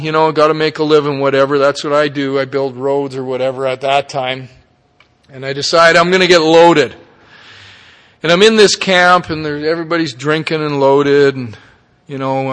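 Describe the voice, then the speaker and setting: Middle-aged man, pitched a bit high, frank and salty recovery talk, recorded in an echoing hall. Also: fairly bright tone, smooth. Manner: candid, profane, folksy with tag questions. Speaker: speaker at a recovery meeting. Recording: long reverb of a meeting hall.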